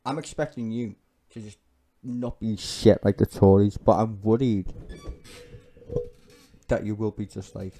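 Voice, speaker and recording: A man's voice: fairly low pitch, mellow. A man giving sweary, ranting political commentary on a live stream, sardonic and blunt.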